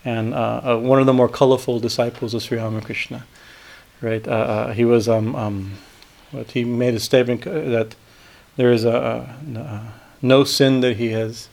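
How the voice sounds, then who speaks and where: A man, a swami, reading a spiritual text aloud and breaking off into halting commentary that often ends in a questioning "right?". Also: medium pitch, flat delivery, vocal fry, a little mellow. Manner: halting asides, frequent "right?" tags.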